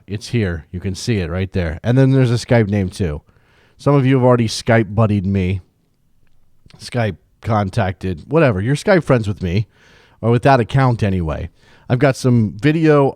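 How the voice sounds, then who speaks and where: A man's voice: medium pitch, a little mellow, dry recording, studio quality. A man hosting a casual live stream from home, talking into a microphone with a rambling, self-deprecating manner. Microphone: desk microphone.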